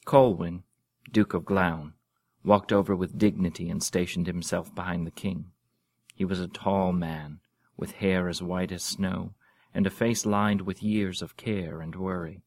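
A man reading a fantasy story aloud in a measured, expressive way. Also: sits low, no echo. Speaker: narrator.

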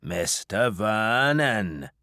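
A man doing a slow-drawling old New England farmer. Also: fairly low pitch, sing-song, sharp tone, no room sound, studio quality, voice pushed up, exaggerated voice. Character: huge old male farmer, taciturn.

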